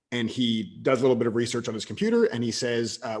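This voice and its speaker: Animated man in his thirties telling a story. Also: mid-range voice, brisk. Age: 30s. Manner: animated, stammering restarts, jumps in loudness. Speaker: podcast guest. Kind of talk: casual storytelling interview.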